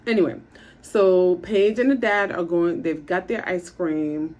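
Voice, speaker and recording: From her office, a woman who is both a therapist and a TV show reviewer casually recaps an episode, doing the characters' lines in quick voices. Her fairly low, slightly mellow voice has fairly even intonation, and the sound is lo-fi because she's on a makeshift setup without her usual gear.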